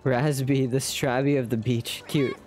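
A man's voice: medium pitch, fairly even intonation, measured pace, darkish tone. A young man streaming a game live, rambling and joking at his own expense while chatting with viewers. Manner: rambling, self-deprecating, chats with viewers. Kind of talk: casual live game commentary. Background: faint game music.

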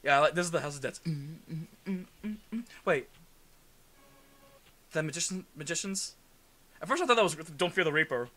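A man's voice: a little high, lively intonation, normal speed, long pauses, bright, forceful tone. A young man co-hosting a let's play, joking, swearing and laughing through casual gameplay commentary.

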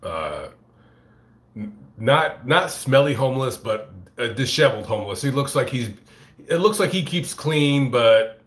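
A man telling a rambling, profane story on a casual live stream, recorded on a phone in a fast-food restaurant. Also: mid-range voice, roomy sound. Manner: rambling, profane, animated retelling. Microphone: phone camera.

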